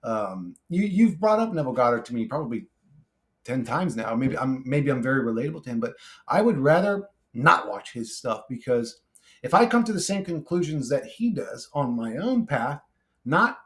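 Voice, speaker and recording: A man's voice: on the high side, very animated, normal speed. Blunt, cursing man talking off the cuff. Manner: blunt, swears freely, rambling with restarts. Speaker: YouTuber reading comment replies. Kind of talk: casual monologue.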